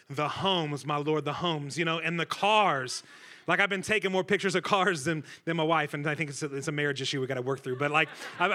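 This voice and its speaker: Guest preacher, man, bright forceful tone, slightly high voice, jokes with the room. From Centralia, Illinois. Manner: energetic, joking, talks with the crowd. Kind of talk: sermon. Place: church stage before a congregation.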